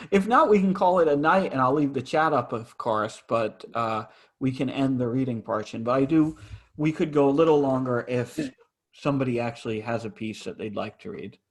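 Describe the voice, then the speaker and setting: A man hosting an online reading series, giving feedback and calling for readers in a relaxed, hesitant way full of fillers. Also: medium pitch, moderate pace. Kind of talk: casual hosting on a video call.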